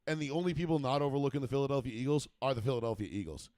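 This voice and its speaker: A man's voice: mid-range voice, rapid-fire, no echo. A man talking football in a loose, rambling way, cursing freely and circling back on his own sentences. His voice sits mid-range and sounds close and dry on the mic, with no room around it. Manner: rambling, profane, restarts often, animated when riled. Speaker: podcast co-host. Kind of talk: casual sports talk.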